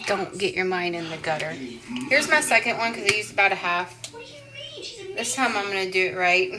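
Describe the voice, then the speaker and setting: A woman's voice: medium pitch, normal speed, low-quality recording. A woman, chatting with viewers in a casual home cooking vlog from her kitchen. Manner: chatty, addresses viewers as y'all and guys.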